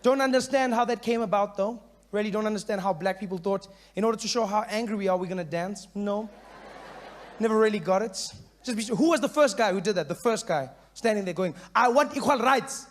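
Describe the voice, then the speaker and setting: A South African man in his thirties performing stand-up comedy, animated and full of character bits. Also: high-pitched, fairly quick. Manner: animated, switches into character voices.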